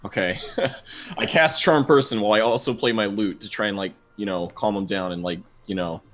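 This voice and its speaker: A man's voice: lowish voice, moderate pace, a bit bright. A man playing a bard in a tabletop game, speaking casually and a bit hesitantly. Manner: hesitant, laughs often. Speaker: player. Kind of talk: casual in-character play.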